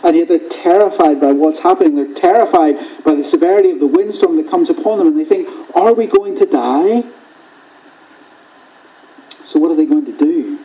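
A man preaching an expository sermon in a measured way, repeating phrases for emphasis and dropping to a hush at key points. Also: fairly high pitch, low-quality recording.

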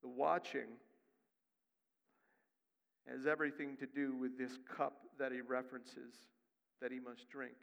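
A male pastor preaching a sermon. He moves from quick, quiet asides to loud, rising emphasis. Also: mid-range voice, flat delivery, gravelly. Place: church sanctuary. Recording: long reverb of a church hall.

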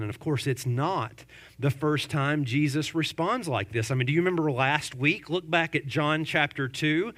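A man preaching with a high, ringing voice that rises sharply when he makes a point. He works the congregation with rhetorical questions and playful asides. The tone is that of a lively sermon, not a lecture. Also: normal speed. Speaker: pastor.

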